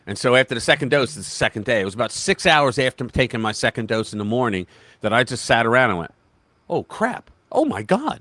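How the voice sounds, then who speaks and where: A man's voice: mid-range voice, no room sound. A man hosting a casual political livestream chat, talking emphatically and animatedly with many restarts. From United States. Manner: animated, emphatic, talks over himself with restarts and quoted voices.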